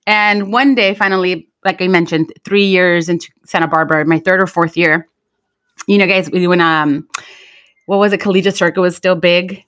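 A woman's voice: fairly low pitch, steady tone, moderate pace, fairly bright tone. Woman podcast co-host, Spanish-first speaker, chatty and laughing, casual storytelling. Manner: laughs often while telling stories, switches into Spanish. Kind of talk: casual chat.

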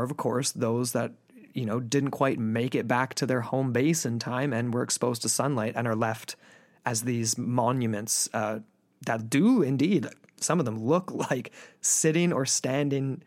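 A man's voice: mid-range voice, a little mellow, no room sound, clean studio sound. A man co-hosting a casual podcast chat, enthusiastic and rambling, with lots of fillers. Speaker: podcast co-host.

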